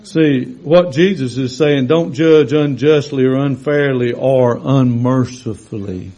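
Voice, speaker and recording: A man preaching a sermon to his congregation in a folksy, conversational way, swelling to loud, drawn-out emphasis when he reads scripture. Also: medium pitch, rough recording. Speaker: pastor. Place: church sanctuary with congregation.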